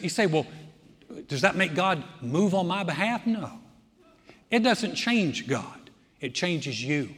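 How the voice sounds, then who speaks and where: A male pastor preaching a sermon, shifting from conversational talk to loud, fervent declaration. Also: sits high, long reverb tail.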